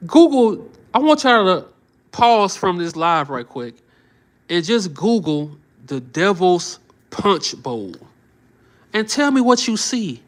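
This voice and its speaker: Guy going off on a live stream, voice kinda high, heated and preachy, says stuff twice to hammer it in. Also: big pitch swings, slow pace. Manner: heated, preachy, repeats himself for emphasis. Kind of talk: reacting to news on a live stream.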